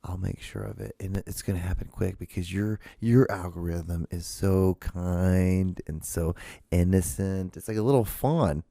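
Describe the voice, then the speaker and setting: Deep gravelly man ranting sarcastically. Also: unhurried, no echo. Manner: sarcastic, profane, deadpan rambling. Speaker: show host. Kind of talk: casual reaction vlog.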